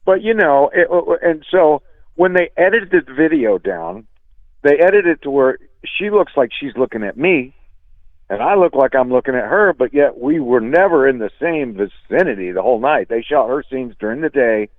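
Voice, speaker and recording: A man guesting on a radio show, telling an animated, profane story and saying "dude" a lot. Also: mid-range voice, normal speed, no echo. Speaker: guest musician. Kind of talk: casual storytelling. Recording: tinny phone line, dry.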